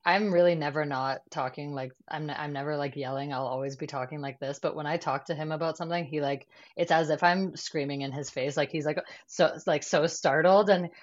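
A woman with a very low voice chats casually as a podcast guest. She leans on fillers and acts out little quotes as she talks. The recording is a bit dull and lo-fi. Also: steady tone, moderate pace. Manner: chatty, lots of fillers and quoted asides.

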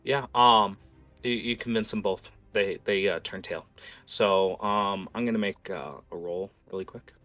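A man narrating as game master of a tabletop game, casual and halting with lots of fillers. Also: fairly low pitch, fairly even intonation, a bit bright, soft background music.

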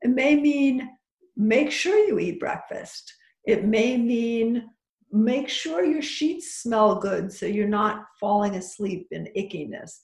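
A woman's voice: on the high side, expressive, takes it slowly, darkish tone, echoey room. A woman talking as a podcast guest who teaches psychic workshops, chatty and full of restarts and advice. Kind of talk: casual podcast chat.

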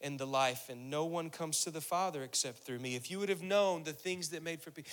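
A man's voice: on the high side, steady tone, moderate pace, few pauses, a bit bright. A man preaching a sermon, repeating phrases for emphasis and building intensity as he reads and explains scripture. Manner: preaching with rising intensity, voicing Jesus' words. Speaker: pastor.

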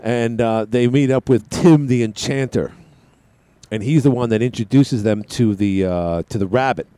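A man with a medium-pitched, warm voice talks at a normal speed, with no echo on the recording. As host of a call-in radio show, he chats loosely and jokingly, often veering off on side tangents.

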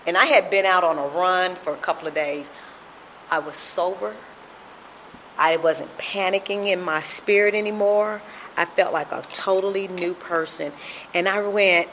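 A woman's voice: lowish voice, fairly bright tone, a little hiss or hum, rough recording. Earnest woman telling her testimony. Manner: earnest, storytelling with acted-out quotes. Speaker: speaker sharing a recovery story. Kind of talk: personal testimony.

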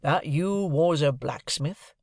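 A man's voice: on the high side, no room sound, clean studio sound. Man doing a sly, secretive stranger. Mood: coaxing. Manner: slow, probing, insinuating questions. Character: secretive, sly middle-aged male stranger.

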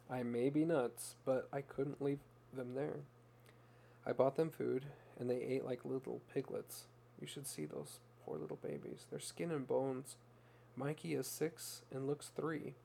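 A man's voice: mid-range voice, vocal fry, dark tone, slight background noise. A man reading a tender, grieving kind woman. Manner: tender, heavy with emotion. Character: compassionate, emotional caring woman.

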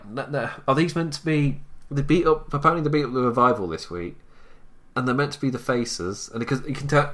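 A man's voice: mid-range voice, fairly bright tone. A young man casually recapping a wrestling show, chatty and laughing often, acting out quotes in mock voices.

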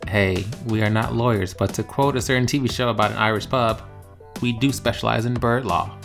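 A man with a somewhat low voice co-hosts a casual comedy podcast. He delivers dry jokes and meandering bits of trivia in a relaxed, offhand way. Faint music plays softly behind him. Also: brisk, gravelly. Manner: dry, rambling trivia humor. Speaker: podcast co-host.

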